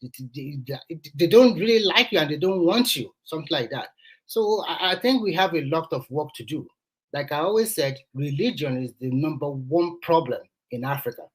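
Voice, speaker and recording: Nigerian man, host, husky, a bit high, earnest, repeats himself. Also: animated, moderate pace, low-quality recording. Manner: earnest, repeats phrases to press a point. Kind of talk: casual discussion.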